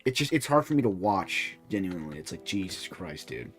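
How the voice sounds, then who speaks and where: Rambling low-voiced young streamer, faint music. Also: male voice, sing-song, brisk. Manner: rambling, profane, lots of restarts and "right?". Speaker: streamer reacting to a video. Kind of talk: casual reaction commentary.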